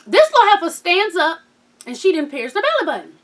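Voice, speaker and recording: Woman vlogger in her 30s, high voice, sassy slangy recap, acts out quotes. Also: big pitch swings, fast talker. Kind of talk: casual TV recap chat.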